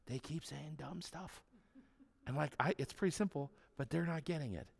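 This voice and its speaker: A man voicing Jesus as calm and casual, speaking in a matter-of-fact way. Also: on the high side, moderate pace, creaky, long reverb tail, pitched above the performer's own voice.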